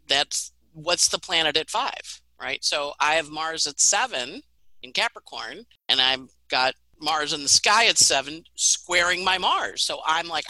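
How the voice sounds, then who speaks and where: A middle-aged woman astrologer giving a casual, animated forecast, laughing at her own stories. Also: low-pitched, no echo, poor audio.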